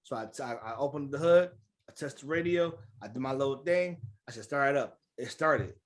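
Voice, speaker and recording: A man co-hosting a podcast in casual chat, an animated storyteller who laughs and acts out the people he quotes, with speech. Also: medium pitch, brisk. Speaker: podcast co-host.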